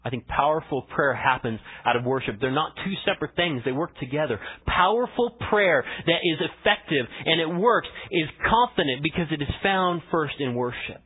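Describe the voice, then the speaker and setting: A man preaching a sermon as pastor, conversational, swinging between emphatic lines and hushed asides. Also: fairly high pitch, expressive, moderate pace, hardly any pauses, breathy edge. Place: church sanctuary. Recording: tinny phone-like church audio.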